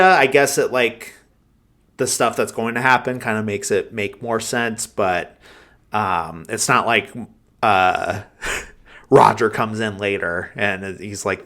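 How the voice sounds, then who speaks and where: A man with a slightly low voice chats casually as a podcast host. He rambles through film scenes, leaning on "like" and "um" at every turn. He chuckles now and then as he retells the plot. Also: measured pace, sharp tone. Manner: rambling, heavy use of "like" and fillers. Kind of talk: casual film review chat.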